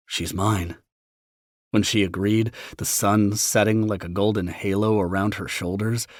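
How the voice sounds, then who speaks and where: A man narrating a romance audiobook in the first person, tender and unhurried. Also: low voice, slightly rough, no echo, clean studio sound.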